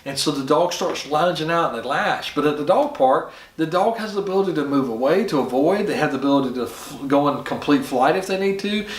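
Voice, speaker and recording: A man's voice: a little high, expressive, fairly quick, few pauses. A middle-aged man who trains dogs, explaining behavior to the camera in a loose, conversational way. He restarts often and slips into short acted voices for dogs and owners. The voice bounces around a fairly echoey room. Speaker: dog trainer. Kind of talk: casual instructional talk.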